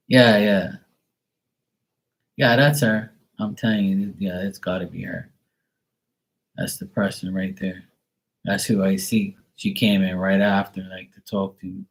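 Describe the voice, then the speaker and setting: A man's voice: deep voice, vocal fry. A young man giving a live psychic reading, talking in a rambling, hesitant way full of fillers and casual swearing. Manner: rambling, hesitant, filler-heavy with mild profanity. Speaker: psychic tarot reader.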